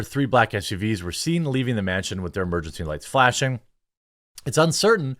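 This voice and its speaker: Man, political commentary host, reads the news aloud, sarcastic asides, mid-pitched voice, dry close sound. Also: fairly bright tone, dry recording. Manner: sarcastic, opinionated asides between quoted passages.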